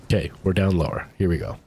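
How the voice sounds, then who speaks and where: A man streaming a game live, rambling and thinking aloud as he plays, often poking fun at himself. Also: fairly low pitch. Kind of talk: live gameplay commentary.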